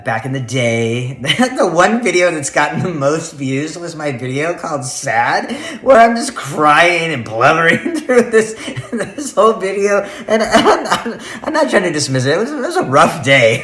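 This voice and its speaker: A man's voice: mid-range voice, a bit bright. Chatty laughing man, roomy echo. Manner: chatty, laughs often, rambling storyteller. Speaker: vlogger. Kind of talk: casual personal vlog. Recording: roomy echo, faint music.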